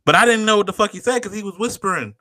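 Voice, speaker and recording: A man's voice: high-pitched, very fast, a crowd in the background. A man co-hosting a podcast, telling stories in casual chat, swearing freely and laughing often. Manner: laid-back storyteller, swears a lot, laughs often. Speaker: podcast co-host.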